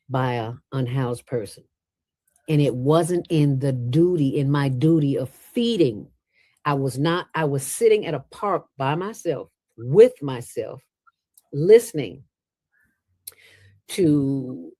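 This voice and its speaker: A woman's voice: sits low, sing-song, normal speed, darkish tone, dry recording. A woman who founded a nonprofit, speaking as an interview guest and telling stories in a colloquial, emphatic way with lots of quoted dialogue. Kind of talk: casual storytelling interview.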